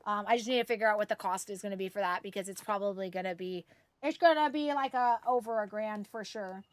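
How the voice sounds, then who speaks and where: A woman's voice: medium pitch, quick pace, no echo. A woman streaming a video game, chatting casually with viewers, giggly and swearing freely, with many fillers. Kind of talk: casual live-stream chat.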